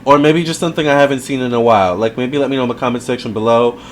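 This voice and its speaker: A man's voice: mid-range voice, fairly even intonation, very fast, slight background noise. Chatty man rambling through a review. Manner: chatty, rambling, full of fillers and asides. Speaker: video reviewer. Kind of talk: casual commentary.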